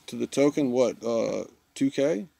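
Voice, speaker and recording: A man's voice: medium pitch, measured pace, vocal fry, dark tone, no echo. A man, chatting casually with viewers while streaming a mobile game. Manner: laid-back, chatty, self-teasing. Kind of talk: casual live-stream chat.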